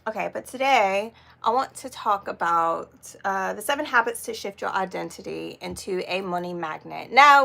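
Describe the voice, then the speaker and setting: A woman's voice: mid-range voice, gravelly, a bit bright. A young adult woman chatting casually on a live stream, rambling, swearing freely and laughing often. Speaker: vlogger.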